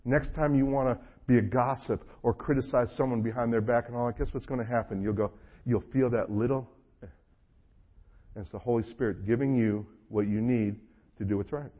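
A man's voice: medium pitch, steady tone, normal speed. A man from North Carolina with a Southern US accent, preaching a sermon as a pastor in a conversational, joking storytelling way. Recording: dull lo-fi recording.

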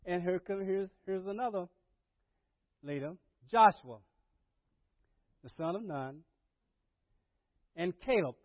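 A man preaching a sermon as pastor, swinging between low murmurs and loud dramatic paraphrase. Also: lively intonation, slow, pauses often, dry recording, dull audio. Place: church.

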